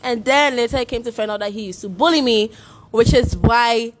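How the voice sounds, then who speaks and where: A young woman guest on a podcast telling a story in casual chat, animated and acting out the people she quotes. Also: fairly high pitch, fairly quick. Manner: animated, acts out quoted voices. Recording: noisy recording with clicks.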